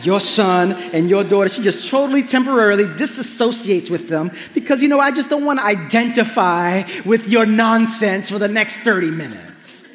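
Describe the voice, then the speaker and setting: High-voiced preacher in a reverberant hall. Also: male voice, moderate pace, few pauses. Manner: animated storytelling with joking asides. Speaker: pastor. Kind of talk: sermon.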